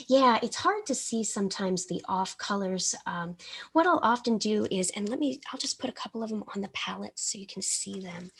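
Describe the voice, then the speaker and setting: A woman's voice: mid-range voice, creaky, slightly rough. A woman from the American South teaching a live miniature painting class, chatty and often interrupting herself, sometimes mumbling with a brush in her mouth.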